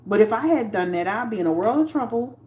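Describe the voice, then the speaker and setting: A woman hosting a casual livestream, talking with emphatic, animated energy and swearing. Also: fairly high pitch, fast, roomy sound. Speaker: tarot reader and livestream host.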